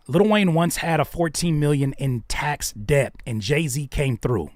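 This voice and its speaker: A man hosting reaction commentary, swinging between heated ranting and hushed asides. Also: fairly high pitch, measured pace, hardly any pauses, dry recording. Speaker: host.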